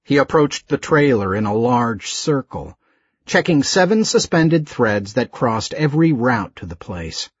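A man narrating an audiobook in a slow, measured, expressive reading. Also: medium pitch, slightly rough, no echo, highs cut off.

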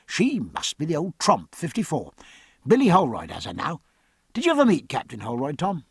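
Brief: man playing a cheery sea captain barking orders, dry and lively. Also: a little high, normal speed, gravelly, breathy edge, dry recording, full character voice. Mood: hearty. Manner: bluff, loud orders. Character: hearty male naval captain, cheerful and commanding.

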